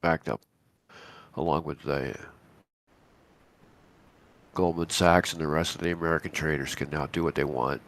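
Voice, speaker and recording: A man, hoarse and raspy from a cold, co-hosting a live futures trading stream in a chatty, rambling way with many restarts. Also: a bass voice, fairly even intonation, normal speed, long pauses. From Canada. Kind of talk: casual live market commentary.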